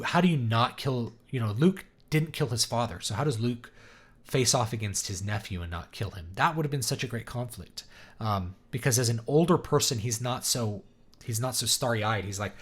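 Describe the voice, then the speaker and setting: This East Texas man, an author, runs a casual livestream where he chats eagerly and responds to viewers' questions with rambling tangents. His voice is on the low side and a bit bright.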